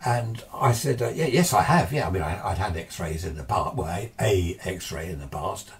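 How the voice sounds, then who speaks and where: A man's voice: deep voice, moderate pace, distant mic. A man telling a ghostly tale from memory in a casual, hesitant way, full of restarts and asides. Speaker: ghost story narrator. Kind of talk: casual spoken recollection.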